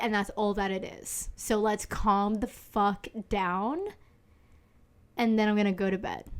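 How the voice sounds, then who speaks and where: A woman's voice: medium pitch, clean tone. A young woman in her twenties hosting a solo podcast, talking in a rambling, emphatic way with lots of fillers and swearing. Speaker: podcast host. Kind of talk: casual solo chat. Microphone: seen recording on camera.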